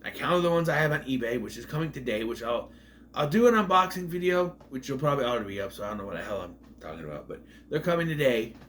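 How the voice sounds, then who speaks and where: A man's voice: mid-range voice, animated, quick pace, fairly bright tone, a little hiss or hum. A man casually reviewing a movie on video, rambling off on tangents.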